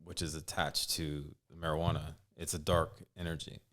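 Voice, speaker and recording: A man's voice: a bass voice, flat delivery, normal speed, a bit bright. A man talking as a podcast guest in a casual debate, earnest and insistent, lecturing steadily on what he believes.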